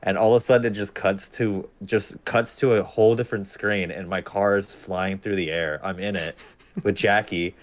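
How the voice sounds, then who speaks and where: A man's voice: lowish voice, fairly even intonation, normal speed, no echo. A man co-hosting a casual gaming podcast, telling a rambling story with restarts and swearing. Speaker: podcast co-host.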